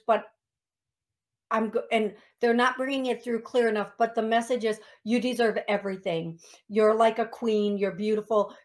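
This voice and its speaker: A woman with a fairly high voice hosts a radio call-in show as a psychic medium. She talks in a chatty, rambling way, restarting phrases and filling gaps with "um". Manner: warm, chatty, frequent restarts and ums.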